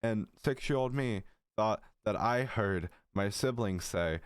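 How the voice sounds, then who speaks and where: A young man in his late teens with a slightly low voice tells a story on a casual vlog. He rambles, fills his sentences with fillers, and swears freely. The recording is dry and close. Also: measured pace, smooth, no echo. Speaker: vlogger.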